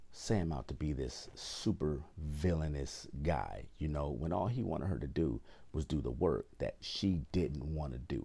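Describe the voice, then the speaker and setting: A man with a very deep, heavily gravelly voice tells his own story as a podcast host. His delivery is indignant and emphatic, with lively swings of pitch as he acts out quoted lines. The tone is dark and slightly husky. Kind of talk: personal storytelling monologue.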